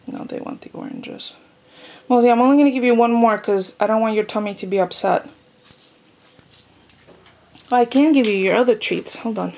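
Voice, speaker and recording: A woman's voice: medium pitch, normal speed, long pauses, darkish tone, slight background noise. A woman chatting casually in a home vlog, rambling on and cooing baby talk at her dogs. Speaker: vlogger. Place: home living room and kitchen.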